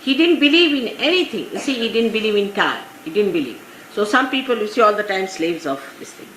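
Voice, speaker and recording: In an echoey 1980s archive recording with faint hiss, an Indian woman spiritual teacher with an Indian English accent gives her followers an informal talk. Her medium-pitched voice is brisk, a bit bright, and lively in intonation as she tells anecdotes and keeps dropping in "you see" asides.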